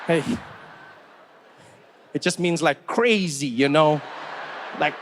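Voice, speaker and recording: A man's voice: a little high, takes it slowly, pauses often, slight background noise. A man from South Africa doing stand-up, telling stories and acting out the people in them. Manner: animated, acts out the people in his stories. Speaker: stand-up comedian. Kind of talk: stand-up storytelling.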